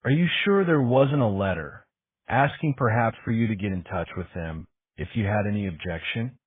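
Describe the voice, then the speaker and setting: A man voicing a cautious middle-aged private investigator who speaks in a measured, questioning way. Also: fairly low pitch, animated, breathy edge, no room sound. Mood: probing. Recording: tinny phone-like sound.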